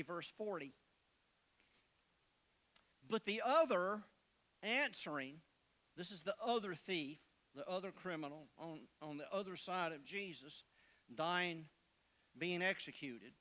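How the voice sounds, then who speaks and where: A man delivers a sermon in a high, unhurried voice. He lingers on phrases and repeats them for emphasis. He retells the scripture in plain, everyday words. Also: fairly bright tone. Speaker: pastor.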